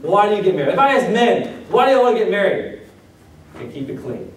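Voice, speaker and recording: High-voiced man preaching in an echoey church. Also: big pitch swings, fast talker, slight background noise. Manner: conversational, joking with the congregation, asks them questions. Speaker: pastor. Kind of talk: sermon. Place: church sanctuary. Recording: echoey hall recorded from far off.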